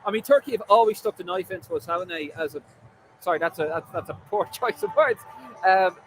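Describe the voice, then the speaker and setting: This Irish football fan livestream host chats from a stadium, joking about viewers' comments as he reads them and using frequent fillers. He speaks fairly quickly in a high, somewhat bright voice, and the poor audio carries a little hiss or hum.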